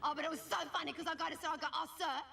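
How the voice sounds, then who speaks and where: A woman races through a live sketch monologue in a creaky, high-pitched, fully committed character voice with fairly even intonation. She's a whiny, nasal Australian schoolgirl, cheeky and gossipy, constantly saying "like" and "guess what," heard through a distant stage mic over loud audience laughter.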